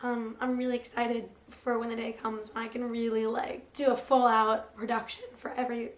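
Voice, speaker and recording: A young woman with a hoarse, recovering voice chatting casually about books, full of "like" fillers. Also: on the high side, little pitch movement, normal speed. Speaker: book vlogger. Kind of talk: casual chat. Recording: roomy echo.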